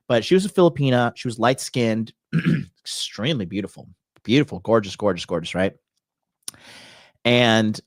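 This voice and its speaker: A Tokyo dating coach and podcast host tells a crude, swear-laden story on his dating talk show, all brash swagger. His voice sits fairly low, and the recording is studio quality with no room sound.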